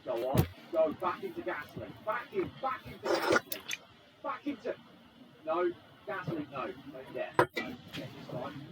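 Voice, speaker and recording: A man reacts loudly as he plays a racing game, his voice high and swinging all over the place. He sits back from the mic. Roaring game engines fill the sound behind him. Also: normal speed. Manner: excitable, exclaiming at the action. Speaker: gaming commentator. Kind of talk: live gameplay commentary. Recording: distant mic under loud game noise. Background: loud racing game engine sounds.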